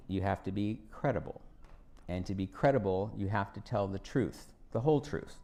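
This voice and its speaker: A former American politician, here a guest speaker, stands on stage at a university event hall trading folksy anecdotes and acting out quotes. He passes along advice to students in a voice that sits low and dark.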